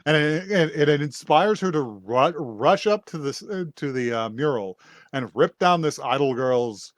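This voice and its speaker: A man's voice: a little high, expressive, a little slow, dry recording, clean studio sound. A man hosting a podcast, casually recapping an anime episode in a rambling way, with many fillers and frequent laughs. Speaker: podcast host.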